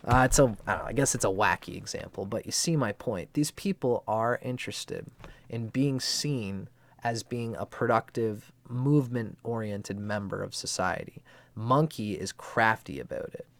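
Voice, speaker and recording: A man's voice: on the low side, moderate pace, no room sound. A man hosting an astrology livestream, talking casually and rambling, with casual swearing. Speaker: astrology channel host.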